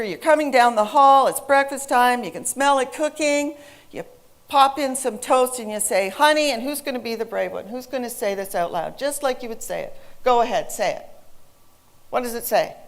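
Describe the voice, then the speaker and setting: Emphatic middle-aged woman giving a talk. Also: fairly high pitch. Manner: lively, emphatic, addresses the audience directly. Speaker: speaker giving a talk on English. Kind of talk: live stage talk to an audience.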